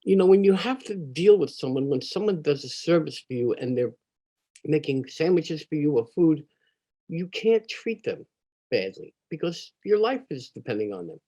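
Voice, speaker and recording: An older man telling a personal childhood story in an animated, conversational way. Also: fairly high pitch, moderate pace. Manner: animated, conversational, acts out quoted voices.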